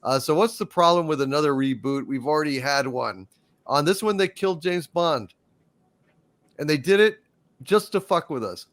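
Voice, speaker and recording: A man's voice: fairly high pitch, expressive, normal speed. A man hosting a live stream, reading out viewer super chats and ranting with profanity and stammered restarts. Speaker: livestream show host reading super chats.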